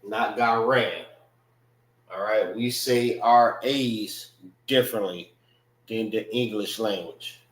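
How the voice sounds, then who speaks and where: An American man teaching a Hebrew class, slowly drilling pronunciation and checking in with "all right" and "know what I mean". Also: lowish voice, reverberant, rough recording. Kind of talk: classroom language lesson.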